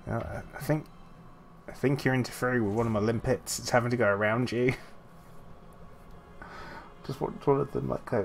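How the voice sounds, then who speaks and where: A man's voice: medium pitch, steady tone, moderate pace, creaky, long pauses, slight background noise. A man streaming a game and chatting casually while playing, rambling and correcting himself, often laughing. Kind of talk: casual gameplay chat.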